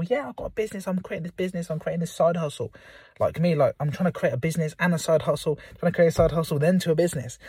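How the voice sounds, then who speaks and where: A young man talks quickly and a little huskily, recording a casual solo podcast from inside a car. His pep talk rambles along, full of fillers, and he is still slightly out of breath from sport. The sound is close and dry. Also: mid-range voice, mellow, slightly rough, no echo. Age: young adult. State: slightly out of breath after football. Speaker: podcast host.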